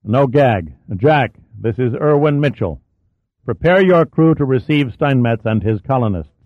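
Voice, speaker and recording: An authoritative male flight director gives firm, measured instructions, as a man reads him aloud. The sound is thin and phone-like, with no room echo. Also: medium pitch, lively intonation, lightly acted. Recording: dry, thin phone-like audio.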